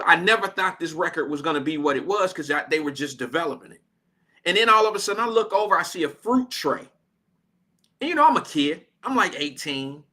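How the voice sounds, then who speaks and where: An American man from Cincinnati hosting a radio drive-time show, telling a story in an animated, slangy way. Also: a little high. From Cincinnati, Ohio, USA. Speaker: radio host. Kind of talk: casual on-air storytelling. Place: radio studio.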